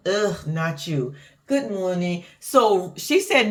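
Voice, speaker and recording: A woman's voice: medium pitch, a little slow. A woman recapping a reality show in casual, profane chat, laughing often and acting out what people said. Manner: animated, profane, laughs often, acts out quotes.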